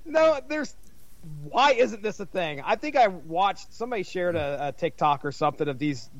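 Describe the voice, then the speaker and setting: A man's voice: high-pitched, expressive, normal speed, dry recording, highs cut off. A man co-hosting a podcast, enthusiastic and profane in casual chat. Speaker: podcast co-host.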